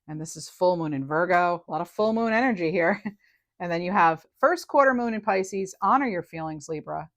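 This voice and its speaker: A woman giving a casual tarot reading to her viewers, chatty and reassuring, often checking in with "right?" and letting phrases trail off softly. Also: on the low side, animated, fairly quick. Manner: chatty and reassuring, with frequent "right?" and "you know". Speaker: tarot reader.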